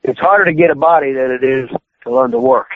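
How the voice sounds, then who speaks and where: A man's voice: fairly high pitch, big pitch swings, fast talker, gravelly, no echo. Foul-mouthed man on a tinny phone line. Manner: swears constantly, acts out his own quotes loudly. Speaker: retired pro wrestler guest. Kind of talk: profane storytelling on a phone-in podcast. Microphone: phone call.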